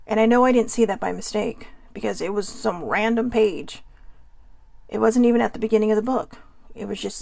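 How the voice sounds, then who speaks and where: A woman's voice: mid-range voice, gravelly, a little mellow, no room sound. A woman hosting a candid, rambling self-help talk, openly self-deprecating. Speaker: host.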